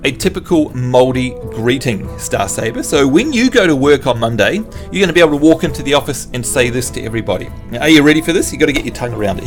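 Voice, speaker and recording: A man from New Zealand livestreaming a game, chatting in a jokey, self-mocking way with his viewers. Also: mid-range voice. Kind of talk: casual chat with viewers.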